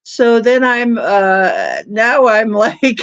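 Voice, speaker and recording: A woman's voice: a little high, big pitch swings, drawn-out words, no echo. A woman hosting a livestream, rambling and laughing as she tells stories with lots of fillers. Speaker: livestream host. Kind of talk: casual storytelling chat. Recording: dull lo-fi dry sound.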